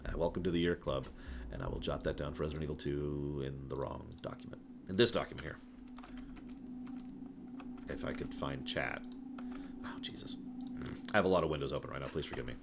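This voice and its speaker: A man's voice: rumbling low, lively intonation, fairly quick, gravelly, long pauses, background noise. A man streaming, reading game lore aloud and chatting with viewers in between. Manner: chatty, reads aloud and greets chat.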